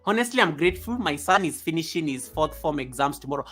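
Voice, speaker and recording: A man hosting a casual live stream at home, reading viewer comments aloud in an animated way, often chuckling, speaking into a desk microphone. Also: a little high, quick pace, hardly any pauses, soft background music. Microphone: USB desk microphone.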